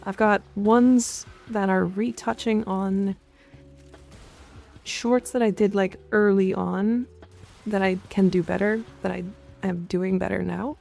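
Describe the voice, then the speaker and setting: A woman game streamer talks loosely with viewers, profane and offhand as she rants. Her voice is gravelly and dark-toned, sitting at a middling pitch. Soft music plays faintly underneath. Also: fairly even intonation, slow. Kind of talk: casual gaming stream chat. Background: faint background music.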